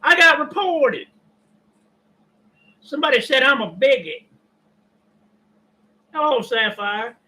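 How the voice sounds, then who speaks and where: Man, kentucky country accent, very high voice, slow drawl, indignant vlog rant. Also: expressive, pushed and bright, low-quality recording. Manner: indignant, defensive, drawn out. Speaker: YouTuber.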